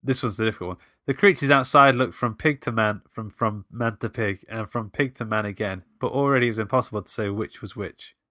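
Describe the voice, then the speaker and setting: Bright, playful man. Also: fairly low pitch, a little fast, hardly any pauses, no room sound, studio quality. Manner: playful, laughs often, reads quotes aloud. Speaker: podcast co-host. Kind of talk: casual chat, quiz game.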